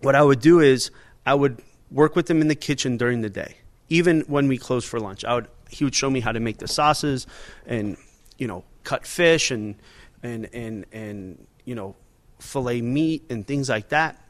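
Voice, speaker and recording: A man's voice: mid-range voice, normal speed. A man in his forties, a restaurant owner and chef, talking casually and animatedly in an interview, with many fillers and restarts.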